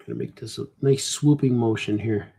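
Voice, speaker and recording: Husky-voiced man rambling while he draws. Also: medium pitch, normal speed, warm tone. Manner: rambling, playful, jokey asides to himself. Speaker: cartoonist. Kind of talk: casual chat while drawing.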